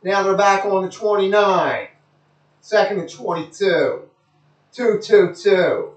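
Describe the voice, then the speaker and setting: A man's voice: sits high, lively intonation, slow pace, echoey room, poor audio. A man giving a rambling, crude, joking play-by-play of a televised football game, repeating himself often. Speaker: amateur commentator.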